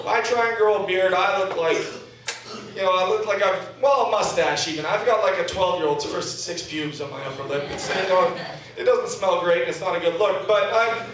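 A man's voice: high voice, normal speed, distant mic, background noise. A man in his thirties doing a stand-up comedy set, self-deprecating, profane and wry. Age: 30s. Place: comedy club stage, indoors. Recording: echoey club audio from afar with audience laughter.

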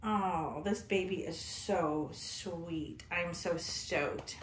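Slow, cooing woman vlogger. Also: on the low side, slight background noise. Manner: soft, cooing, talks to the doll like a baby; drops into breathy whispers of delight. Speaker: reborn doll collector and vlogger. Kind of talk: gushing unboxing vlog.

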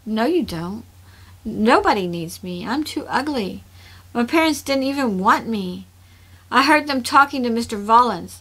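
A fiercely proud young woman, bitter and defensive, her voice bright and on the high side, as a woman reads her lines. She keeps everyone at arm's length. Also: animated, unhurried, breathy edge, heavily acted. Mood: hurt.

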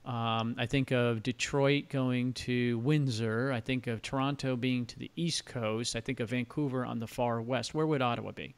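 Gravelly, chatty male podcast host. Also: mid-range voice, fairly even intonation, moderate pace, hardly any pauses. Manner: chatty, enthusiastic, rambling. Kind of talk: casual podcast interview.

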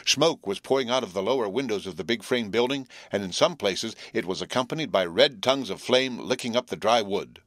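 A man narrating an audiobook in a steady, clear reading voice. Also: on the low side, fairly quick, few pauses, no room sound, studio quality.

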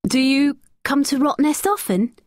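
Woman voicing a bold young woman, firm and decisive, raised pitch, dry storybook reading. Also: big pitch swings, normal speed, no echo. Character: brave, determined young woman.

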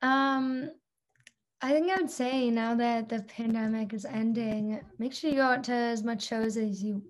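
A woman's voice: on the high side, steady tone, unhurried. A young woman from Toronto, a singer-songwriter guest, chatting casually and laughing often in an interview.

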